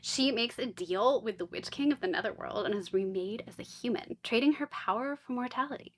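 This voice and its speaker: A woman's voice: fairly high pitch, a little fast. A woman vlogger chatting casually through a book box unboxing, with wry asides and sarcastic jokes.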